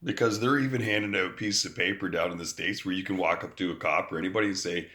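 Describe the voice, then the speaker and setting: A deep-voiced man talks fast with few pauses and a sharp tone, ranting to camera into his phone outdoors. The vlogger is angry and profane, mocking others by quoting them in put-on voices.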